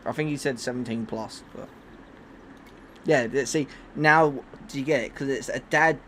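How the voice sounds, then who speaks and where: A man's voice: medium pitch, slight background noise. A man streaming live, chatting casually and rambling with many restarts and fillers. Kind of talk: casual chat on a livestream.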